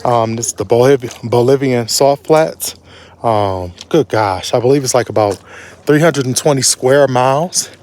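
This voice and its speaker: A man casually narrating his own travel vlog, slangy and animated, his voice jumping up in surprise. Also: normal speed. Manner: animated, slangy storyteller with big pitch jumps. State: short of breath at altitude. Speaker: travel vlogger.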